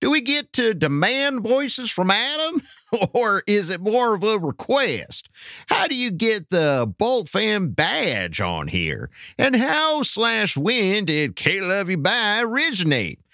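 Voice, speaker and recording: A man's voice: sits high, very animated, no echo, clean studio sound, voice pushed up, exaggerated voice. A man putting on a chirpy, bubbly young woman's voice to read out a listener's question. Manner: bright, sing-song and eager, slow deliberate delivery. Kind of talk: reading a listener question in a put-on voice.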